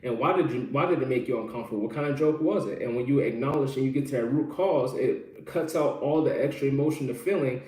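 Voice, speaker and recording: A man's voice: medium pitch, quick pace, hardly any pauses, a little mellow, reverberant. Earnest man coaching on relationships. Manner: earnest, explanatory, repeats phrases. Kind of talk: live-stream advice talk.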